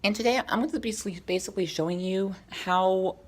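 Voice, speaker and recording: A woman's voice: medium pitch, fast, hardly any pauses. A woman hosting a casual tech vlog at home, talking around a lozenge in her mouth, rambling and hesitant with many ums and restarts as she walks between rooms. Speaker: tech vlogger. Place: in a house, walking between rooms.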